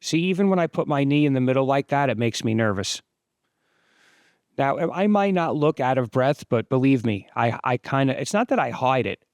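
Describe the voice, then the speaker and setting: A man in his fifties, host of his own channel, giving relaxed, explanatory voice-over commentary on sparring footage. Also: medium pitch, normal speed, no echo, studio quality. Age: 50s.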